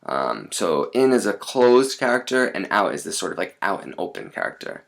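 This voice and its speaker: A man teaching a lesson in a relaxed, chatty way, with many fillers and asides. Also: low voice, moderate pace, creaky.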